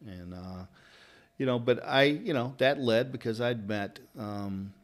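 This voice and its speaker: A man's voice: medium pitch, measured pace. A middle-aged man from Louisville with a Kentucky accent, a barber casually rambling through anecdotes in conversation. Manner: rambling storyteller, animated retelling of anecdotes. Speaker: barber and interviewer. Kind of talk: casual chat.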